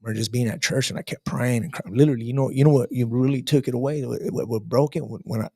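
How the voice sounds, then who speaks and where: A man's voice: mid-range voice, fairly even intonation, fast talker, vocal fry, mellow, breathy edge, no echo, clean studio sound. A man in his thirties telling his faith testimony in casual storytelling, emphatic, with slang and many restarts. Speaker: guest sharing testimony.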